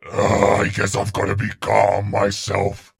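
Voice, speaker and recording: A man voicing a big spiky turtle monster father who is sheepish, talking slowly and haltingly in a flat gravelly voice. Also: fairly low pitch, heavily acted. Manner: slow, halting, flat delivery.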